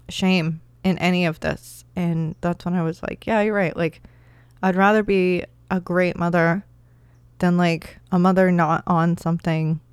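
A young woman speaks candidly about her life as a new mother, rambling loosely and leaning on fillers. Her voice is smooth and a touch low, and the sound is close and dry with no room around it. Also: a little mellow, dry recording. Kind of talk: casual personal storytelling.

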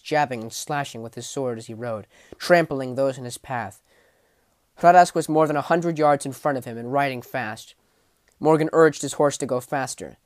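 A man reading a fantasy novel aloud as an audiobook, telling the story vividly, rising in the battle scenes and sinking low for menace. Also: no room sound. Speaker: audiobook narrator. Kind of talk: dramatic audiobook narration.

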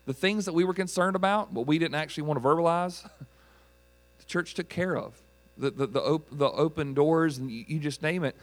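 A middle-aged man preaching a sermon as pastor, telling stories with animated delivery and acting out voices. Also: a little high, normal speed. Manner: animated storytelling preacher, acts out quoted voices.

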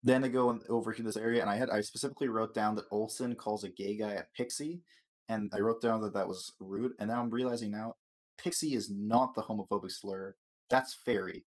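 A man's voice: fairly low pitch, steady tone, fairly quick. A man hosting a casual chat, rambling and swearing through a TV episode recap, stumbling over words and laughing.

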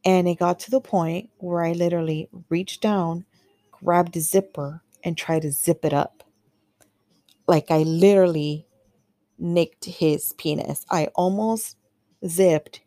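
A woman's voice: deep voice, steady tone, moderate pace, warm tone, dry recording. A woman hosting a podcast, telling a personal story in a candid, chatty way full of fillers and acted-out quotes. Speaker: podcast host. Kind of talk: casual storytelling monologue.

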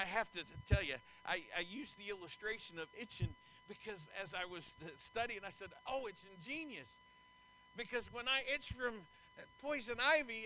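A middle-aged male pastor delivering a sermon with a high, sharply bright voice. His pitch swings widely as he presses his points, then drops into homey storytelling. A faint hum sits behind him. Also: rough recording. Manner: animated, emphatic preaching with folksy asides. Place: church sanctuary.

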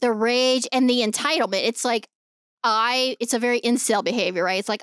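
Smooth-voiced woman with emphatic casual talk. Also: on the high side, fairly quick, a bit bright, dry recording, studio quality. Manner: emphatic, swears freely. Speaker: podcast co-host. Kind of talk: casual film discussion.

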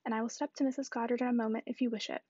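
A woman reading the lines of an earnest, persuasive middle-aged gentleman. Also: a little high, level tone, very fast, slightly rough, no echo, highs cut off.

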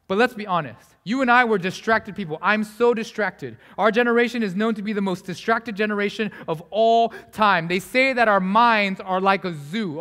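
A young man preaching a sermon as a pastor, telling the story in a casual, conversational way, acting out the people in it and dropping to hushed asides. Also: high voice. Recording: long hall reverb.

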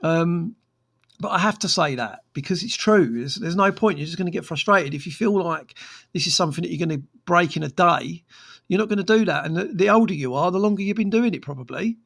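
Therapist guy rambling on his podcast, kinda gravelly, a bit high. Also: lively intonation, fairly quick, a bit bright. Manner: rambling, frank, with many fillers and restarts. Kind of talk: casual solo podcast monologue.

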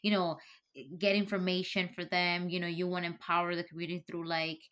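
Bright-voiced woman podcast host. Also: on the low side, level tone, fast. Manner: friendly, rambling, many fillers. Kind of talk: casual chat.

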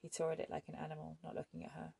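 A woman narrating an audiobook in a measured, even storytelling manner. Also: low voice, gravelly, breathy edge.

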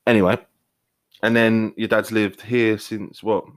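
A man's voice: lowish voice, little pitch movement, a little slow, clear, resonant tone, no echo, studio quality. A young man co-hosting a podcast, teasing his partner and asking questions in casual banter. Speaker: podcast co-host.

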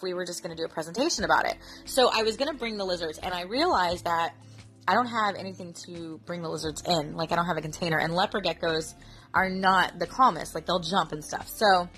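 Woman, 30s, slightly low voice, rambling chatty vlog storyteller, faint music bed. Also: a bit bright. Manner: chatty, rambling, filler-heavy. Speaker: mother and Daisy troop leader.

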